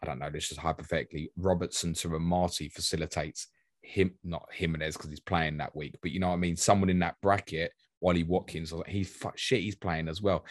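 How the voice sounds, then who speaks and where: A man's voice: low-pitched, fairly even intonation, a little fast, no echo, clean studio sound. A man hosting a casual podcast, chatty and rambling, swearing now and then. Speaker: podcast host. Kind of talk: casual fantasy football podcast chat.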